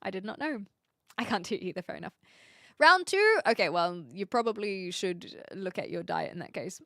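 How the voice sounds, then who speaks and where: Lively New Zealand woman streamer. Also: medium pitch, moderate pace, gravelly, dry recording, clean studio sound. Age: 20s. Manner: laughs often, chatty and self-deprecating. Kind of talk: casual chat with live viewers.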